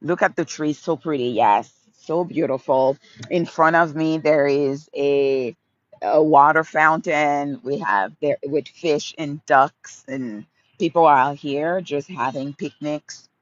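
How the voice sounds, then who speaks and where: Slow-talking woman in her fifties, live from a park. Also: deep voice, lo-fi sound. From Haiti. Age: 50s. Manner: affectionate, repeats phrases, greets viewers by name. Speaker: livestream host. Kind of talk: casual live chat answering viewers. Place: outdoors in a sunny park. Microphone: phone livestream.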